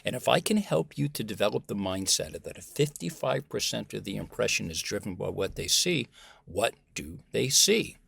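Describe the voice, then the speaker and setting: An American man, a communication professor, talking as a guest in a conversational interview, animated and emphatic. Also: on the low side, moderate pace, creaky, slightly rough. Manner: animated and emphatic, acts out example voices.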